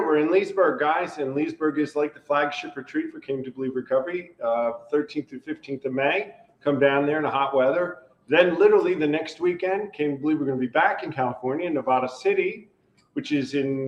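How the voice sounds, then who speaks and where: A man hosting a live recovery show, chatting casually in a rambling, joking, self-deprecating way. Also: mid-range voice. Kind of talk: casual live-stream chat. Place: retreat center in California. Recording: roomy, dull live-stream sound.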